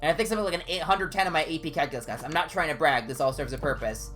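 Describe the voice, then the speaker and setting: A woman's voice: low-pitched, racing, fairly bright tone, soft background music. A young woman streaming a game, chatting casually with viewers in a rambling, self-amused way.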